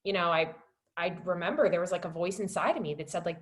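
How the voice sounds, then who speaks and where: Emotional storytelling woman, filler-heavy. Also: brisk. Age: 20s. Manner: rises high and loud when reliving moments. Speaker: wellness coach. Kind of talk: personal testimony on a webinar.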